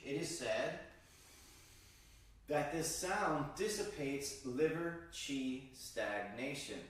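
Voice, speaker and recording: Calm man teaching qigong in an echoey room. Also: on the high side, slow. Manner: calm, guiding, demonstrates breathing sounds. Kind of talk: instructional demonstration. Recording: very echoey room, distant mic.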